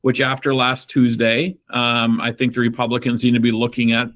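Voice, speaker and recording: A man at an ordinary middle pitch joins a political chat as a guest commentator. He talks loosely and conversationally. Now and then he slips in dry sarcasm. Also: level tone, normal speed, fairly bright tone.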